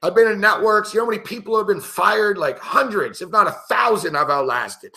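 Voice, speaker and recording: Laughing through his stories, this middle-aged sports betting host chats casually in a brash, profane way. He sounds bright, forceful, and slightly high-pitched, with lively intonation, a brisk pace, and a creaky quality.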